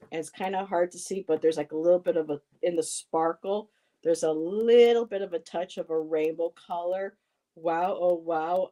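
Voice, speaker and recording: A woman's voice: on the low side, warm tone. A woman vlogger chatting casually to viewers, telling a rambling story full of ums and reading comments aloud. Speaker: tarot and oracle card vlogger.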